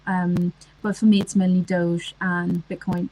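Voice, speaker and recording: A woman's voice: lowish voice, flat delivery, a little slow, dark tone, rough recording. A woman, chatting casually on a livestream and answering comments, with lots of ums and restarts. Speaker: livestream host.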